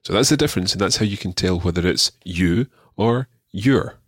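A man teaching a radio language lesson, patient and encouraging, repeating words slowly for the learner. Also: low voice, expressive, breathy edge, no echo, studio quality.

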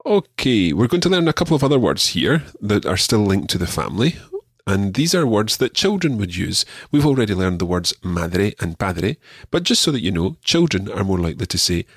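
Male language tutor, low and a touch husky, patient, repeats and praises. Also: big pitch swings, fairly bright tone, dry recording, studio quality. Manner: patient, encouraging, repeats words slowly. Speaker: language teacher. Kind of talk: radio language lesson.

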